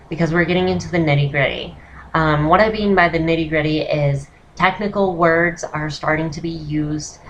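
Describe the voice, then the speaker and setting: A woman's voice: low-pitched, a bit bright, slight background noise, poor audio. A woman talking straight to her viewers in a chatty, self-deprecating way as she explains a voice lesson in a casual vlog. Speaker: voice-lesson vlogger.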